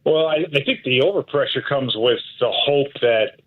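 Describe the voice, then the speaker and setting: A man from Minnesota, a football color analyst and former player, calling in as a guest and talking things through with many fillers and pauses. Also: medium pitch. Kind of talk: casual analysis, call-in guest. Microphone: phone or remote line. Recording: tinny phone line.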